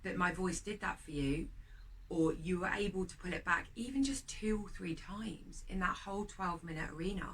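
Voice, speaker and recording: A woman teaching meditation, guiding the listener slowly and gently and encouraging them along the way. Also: on the low side, slightly rough, poor audio. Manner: slow, soft, gentle guiding. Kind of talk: guided meditation.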